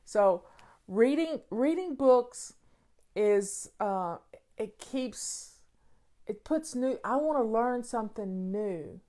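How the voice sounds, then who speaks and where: A woman hosts a casual Q&A show about home organizing, speaking emphatically and folksily and repeating key phrases. Her voice is on the high side, expressive and slow, with a dark tone.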